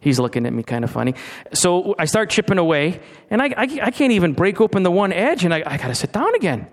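A man's voice: high-pitched, sing-song, quick pace. A middle-aged man preaching a sermon in a conversational way, stumbling over restarts and asking his listeners questions. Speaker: pastor.

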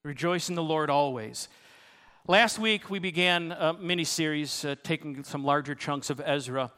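Playful high-voiced pastor in a reverberant hall. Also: male voice, moderate pace, sharp tone. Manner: playful, self-deprecating, coaxing the congregation. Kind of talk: sermon with congregational song leading. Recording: long reverb of a large hall.

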